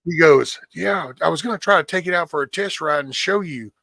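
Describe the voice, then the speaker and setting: Gravelly and a little high, this man's voice moves slightly fast on a dry recording. He's a live stream host spinning animated stories in casual chat, performing the quotes and cursing without restraint.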